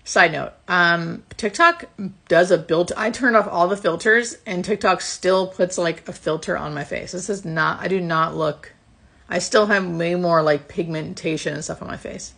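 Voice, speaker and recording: A woman hospice nurse talks to her phone camera in a casual, reflective way. Her voice is husky with a gravelly fry. She often lets her phrases trail away softly. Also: lowish voice, moderate pace. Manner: reflective, soft-spoken, trailing off at ends of phrases.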